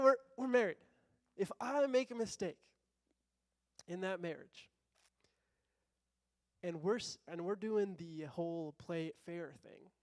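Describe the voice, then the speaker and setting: A pastor with a fairly high voice preaches a relaxed, conversational sermon, tossing out rhetorical questions and acting out small quotes. The sound is close and dry, with barely any room echo.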